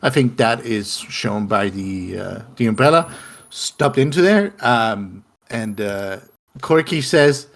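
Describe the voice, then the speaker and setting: A man narrating as game master of a tabletop game, halting often with fillers and restarts. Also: fairly low pitch, lively intonation, creaky.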